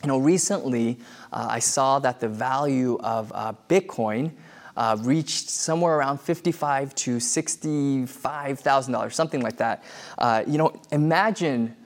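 A man's voice: mid-range voice, unhurried. A man preaching a sermon in a conversational way, with many fillers and restarts. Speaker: pastor.

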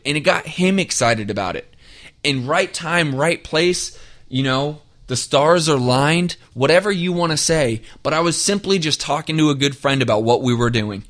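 A man hosting a podcast, talking straight to listeners in a direct, energetic coaching tone and driving his points home by repeating them. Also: mid-range voice. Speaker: podcast host. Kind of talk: motivational podcast monologue.

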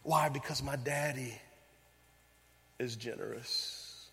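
A male pastor preaching a sermon, talking straight to the congregation and swinging between loud emphatic passages and hushed, tender ones. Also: medium pitch, takes it slowly, vocal fry, big-room sound. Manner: addresses the congregation directly.

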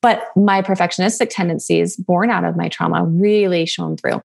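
A young adult woman telling a personal story in casual conversation, candid and animated, laughing often and swearing casually. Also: fairly low pitch, normal speed, creaky.

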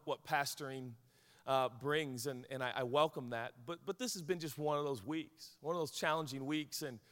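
Pastor, man in his forties, preaching with candid, chatty stories; bright, slightly high voice carrying through a reverberant hall. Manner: candid, conversational storytelling. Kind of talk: sermon. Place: large hall with congregation.

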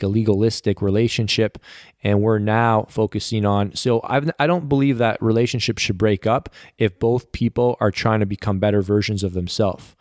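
Sincere, low-voiced man guest. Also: a little mellow, no echo, studio quality. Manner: sincere, reflective, with frequent fillers. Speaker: interview guest. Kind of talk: casual conversation.

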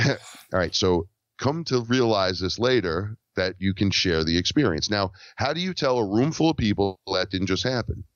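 On a podcast, a guest with a lowish voice and moderate pace tells a story in relaxed conversation, animatedly voicing what each person said. There's no room sound, and the audio is dull, dry and lo-fi.

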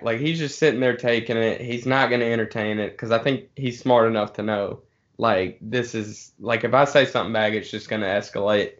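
Chill dude rambling a work story, cussing, mid voice, bit lo-fi. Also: male voice, medium pitch. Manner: laid-back, swearing, drawn-out pauses. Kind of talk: casual storytelling among friends.

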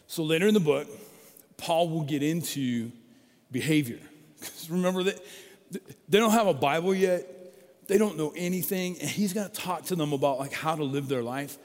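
A middle-aged man preaches a sermon in a chatty, conversational way, leaning hard on repeated key phrases. His voice sits slightly high for a man. The sound carries the long reverb of a large hall. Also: normal speed, long pauses. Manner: conversational preaching, rising to emphatic stresses. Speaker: pastor.

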